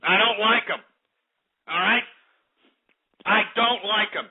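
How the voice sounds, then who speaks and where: A high-voiced man rants and curses as a call-in radio host, heckling callers without pause. His voice comes through tinny and phone-like, as if squeezed down to a telephone band. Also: husky. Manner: angry, profane, heckles callers. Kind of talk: ranting call-in radio talk.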